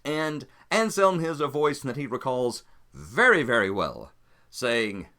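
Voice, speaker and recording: A man's voice: mid-range voice, very animated, a little slow, sharp tone. A man narrating and playing a solo tabletop role-playing game, thinking aloud in a casual way.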